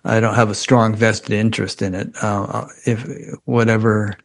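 A man hosting an interview, speaking in a halting, careful way with lots of restarts and fillers. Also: lowish voice, flat delivery, vocal fry. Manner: cautious and measured. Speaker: podcast host. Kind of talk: conversational interview.

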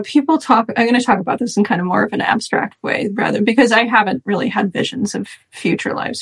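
A woman guest in an interview, speaking earnestly and reflectively, with lively bursts when she mimics others. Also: medium pitch, vocal fry, husky. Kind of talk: conversational interview.

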